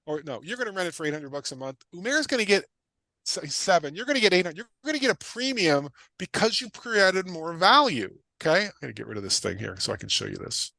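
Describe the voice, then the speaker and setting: A middle-aged man teaches a live online class, hammering his points home with repeated questions and quick casual tangents. His voice sits high and swings widely in pitch, with a bright, forceful edge. The sound is close and dry. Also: vocal fry, dry recording. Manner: emphatic and repetitive, drives points home with questions. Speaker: guest real estate investor teaching. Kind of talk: energetic livestream teaching talk.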